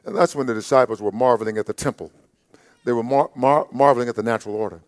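A man's voice: medium pitch, quick pace. A man preaching a sermon as pastor, emphatic and repetitive, calling out to the congregation.

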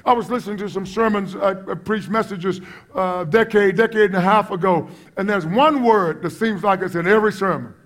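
Middle-aged pastor, high and impassioned, quiet asides breaking into loud exclamations. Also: male voice, a little fast. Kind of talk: sermon.

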